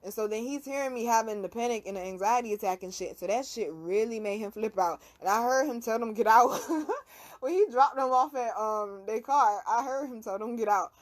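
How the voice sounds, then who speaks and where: A young woman hosting a casual talk show, telling a story in an animated, slangy, profane way. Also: on the high side, fairly quick. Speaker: podcast host.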